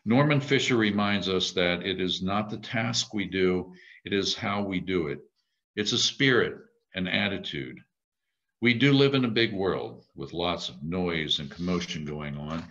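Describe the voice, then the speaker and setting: A man giving a reflective sermon, measured and thoughtful, with slow emphatic repetitions. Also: sits low, animated, a bit bright, dull audio. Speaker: lay preacher.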